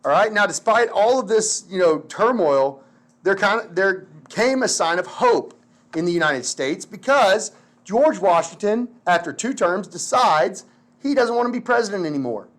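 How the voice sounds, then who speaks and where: A man teaching history in a casual, slangy, animated lecture full of filler words. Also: high-pitched, moderate pace. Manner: slangy, animated, lots of "like" and "dude".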